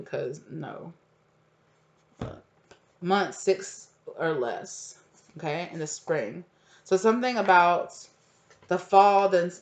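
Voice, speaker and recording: A woman giving a casual, rambling tarot reading at home, full of fillers and asides. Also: lowish voice. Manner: rambling, filler-heavy, chatty. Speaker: tarot reader. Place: home with a cat.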